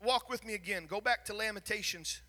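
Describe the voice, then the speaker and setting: A man preaching an impassioned sermon as pastor in a church, swinging from hushed to shouted. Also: high-pitched, a little fast. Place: church sanctuary. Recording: long hall reverb.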